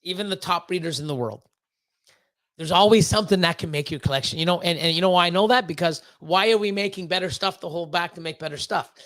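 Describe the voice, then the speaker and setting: A man's voice: high voice, fast, fairly bright tone. A man who breeds reptiles, hosting a livestream and ranting at length, blunt and heavily profane, often stumbling over repeated words.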